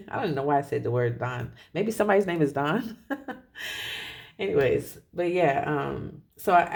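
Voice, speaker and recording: While sharing a reading, a tarot reader talks informally and meanders, stopping often to correct themself and laughing softly, in a gravelly, medium-pitched voice.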